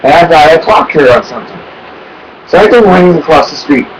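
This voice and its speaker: A man's voice: on the high side, lively intonation, fairly quick, slight background noise, poor audio. A man telling a personal story to his webcam in a rambling, urgent way, swearing often and repeating himself. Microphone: webcam microphone.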